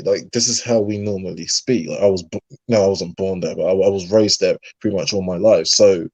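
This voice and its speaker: A man's voice: fairly low pitch, brisk, darkish tone, dry recording, muffled recording. A young man from England with a London accent, chatting earnestly as a guest with frequent fillers. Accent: London English. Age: young adult. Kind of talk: casual chat.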